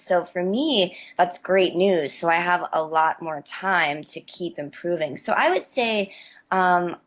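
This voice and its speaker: Woman from west virginia, lowish voice, kinda halting, repeats herself, muffled lo-fi sound. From West Virginia, USA. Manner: hesitant, repeats words while thinking, laughs easily. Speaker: interview guest, athlete. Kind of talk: casual interview answers. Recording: dull lo-fi audio.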